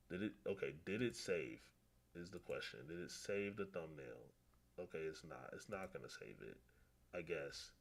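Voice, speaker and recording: A man chatting casually on his gaming livestream, rambling and slangy and often excitable, with frequent laughter. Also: extremely low pitch, unhurried.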